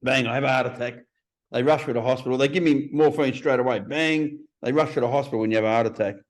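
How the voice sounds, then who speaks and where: A man in his fifties, a podcast guest telling stories in a blunt, profane, animated way. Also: medium pitch, fast talker. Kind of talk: casual interview storytelling.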